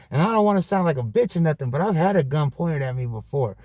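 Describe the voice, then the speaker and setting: High-voiced, profane storytelling man. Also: brisk, few pauses, no room sound, clean studio sound. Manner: profane, animated street slang. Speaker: podcast host. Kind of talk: casual storytelling monologue.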